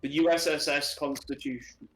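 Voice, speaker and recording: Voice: medium pitch, fairly even intonation, moderate pace, fairly bright tone, reverberant, faint music behind. A player in a casual tabletop game who makes dry jokes.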